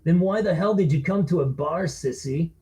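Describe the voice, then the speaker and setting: A man doing a goading, high-voiced drunk sidekick. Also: normal speed, a little mellow, lightly acted. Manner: goading, confrontational. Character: drunk male bar bully, aggressive sidekick. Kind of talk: audiobook reading.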